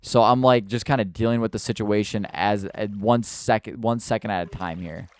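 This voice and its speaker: A man's voice: fairly low pitch, steady tone, moderate pace, clean tone, no echo, studio quality. A man telling a spooky personal story in a casual, rambling way while he plays a video game, stumbling over restarts and fillers.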